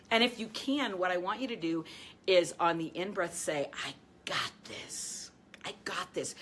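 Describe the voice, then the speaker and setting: A woman hosting a coaching video, teaching energetically and addressing viewers directly, laughing often, then softening to a calm low voice to guide breathing. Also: a little hiss or hum. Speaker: host, life and business coach.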